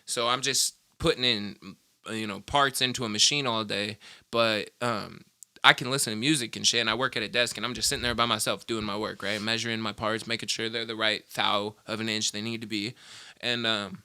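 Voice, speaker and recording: A man's voice: fairly low pitch, steady tone, fairly quick, bright, forceful tone, clean tone, no room sound, clean studio sound. A young man hosting a casual podcast, telling loose, profane stories packed with "like" and "fucking". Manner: rambling, profane storytelling full of "like". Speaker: podcast host; machinist. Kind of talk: casual chat.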